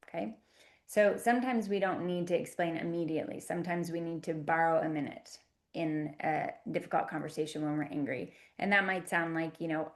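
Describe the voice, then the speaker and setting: A woman teaching in a gentle, conversational way, often checking in with asides. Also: on the low side, steady tone, a little fast. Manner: gentle, conversational, many "you know" and "right?" asides. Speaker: communication teacher. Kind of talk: calm instructional talk to camera.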